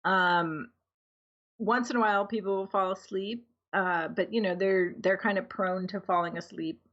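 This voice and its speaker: A woman's voice: medium pitch, fairly even intonation, moderate pace, fairly bright tone, lo-fi sound. A woman, an energy healer and guest, talking casually and laughing easily, with many ums and you-knows. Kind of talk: casual interview talk.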